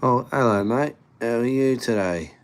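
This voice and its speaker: A man's voice: mid-range voice, normal speed, voice pushed up, lightly acted. A man voicing a jokey mock-posh Englishman in a put-on English accent, exaggerated and sing-song. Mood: cheery. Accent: fake English, put on by an Australian.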